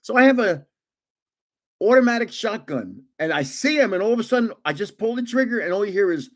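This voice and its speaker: Fast and high-pitched, this livestream host in his 70s animatedly tells casual gaming stories. He laughs often and restarts frequently as he talks.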